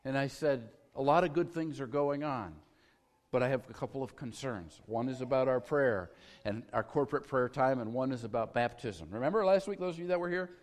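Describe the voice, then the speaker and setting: A man's voice: mid-range voice, brisk. A middle-aged man preaching a sermon as a pastor, with a conversational, folksy storytelling manner and touches of humor. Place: church sanctuary. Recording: long church reverb.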